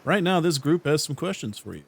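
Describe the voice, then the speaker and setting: A man's voice: on the high side, lively intonation, a little fast, vocal fry. A young man hosting a let's play, reading the game's text aloud with jokes and laughing often. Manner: playful, laughs between lines.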